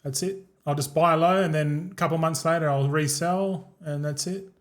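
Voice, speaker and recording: A man's voice: fairly high pitch, steady tone, moderate pace. An Australian man in his thirties chatting casually while streaming a game, rambling and swearing freely with frequent laughs.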